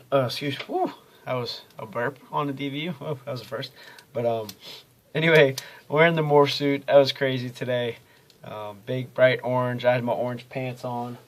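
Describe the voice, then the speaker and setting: Young guy, college student vlogger, laid-back rambling daily diary, mid-pitched voice. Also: moderate pace. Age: young adult. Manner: rambling, easygoing, many ums and uhs. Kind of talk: casual daily video diary.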